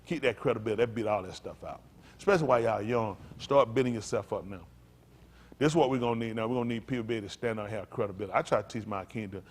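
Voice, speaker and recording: A male pastor preaching a sermon in a folksy style, calling out to his congregation and swinging from loud, high bursts down to low, quiet lines. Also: fast talker. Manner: animated preaching, leaps high and loud for emphasis, then drops low; folksy vernacular, calls out to the congregation. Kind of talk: sermon teaching.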